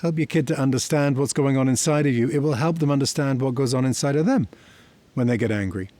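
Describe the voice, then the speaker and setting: A man's voice: mid-range voice, quick pace, mellow, dry recording. A middle-aged man teaching in a reflective, conversational way, mixing explanation with personal stories. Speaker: therapy teacher. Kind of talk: explanatory talk to camera.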